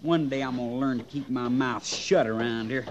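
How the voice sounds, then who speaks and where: A man's voice: medium pitch, normal speed, lo-fi sound, background noise, natural voice. An actor playing a young cavalry trooper, sulky and grumbling at his sergeant. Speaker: army trooper. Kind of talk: vintage TV western drama.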